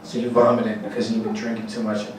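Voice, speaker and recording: A man's voice: lowish voice, monotone, fast, a little hiss or hum. A man doing a rambling, profane stand-up comedy set on a comedy club stage, laughing at his own jokes. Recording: very echoey room, distant mic, faint ambience.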